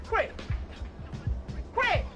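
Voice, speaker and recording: An actor playing a fast-talking young male stoner buddy who pushes his friend around with loud street slang. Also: faint music behind. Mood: exasperated.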